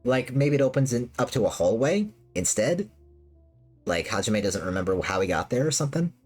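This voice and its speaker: A woman's voice: extremely low pitch, big pitch swings, fairly quick, a little mellow, breathy edge. A woman streamer chatting casually with her live chat, rambling and repeating herself with lots of fillers. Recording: faint music behind.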